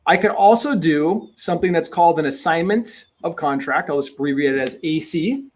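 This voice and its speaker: A man teaching real estate investing in a webinar, talking in an emphatic, energetic way and repeating his key points. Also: on the high side, fairly quick. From Minnesota.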